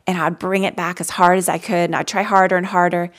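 A woman telling personal stories in a gentle, conversational way as she leads a live mindfulness talk for an audience. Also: fairly low pitch, flat delivery, fast talker. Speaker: mindfulness teacher. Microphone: handheld mic.

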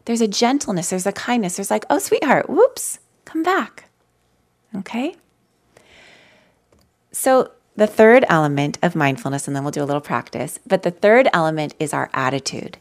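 A woman telling personal stories in a gentle, conversational way as she leads a live mindfulness talk for an audience. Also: fairly low pitch, lively intonation, a little fast, hardly any pauses. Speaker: mindfulness teacher. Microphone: handheld mic.

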